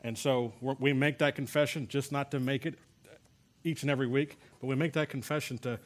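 Speaking fairly quickly with fairly even intonation, a man with a mid-range voice preaches to a healing class as its pastor. He shares personal stories and poses rhetorical questions, keeping the sermon conversational.

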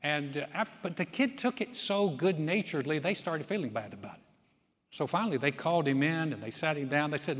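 Pastor preaching in a reverberant church. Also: male voice, a little high, a little fast, husky. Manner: animated storyteller, acts out quoted voices. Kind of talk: sermon with storytelling.

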